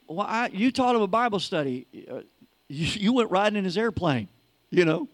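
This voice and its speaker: A man, a pastor telling a story in an animated, folksy sermon. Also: sits high, moderate pace, dry recording.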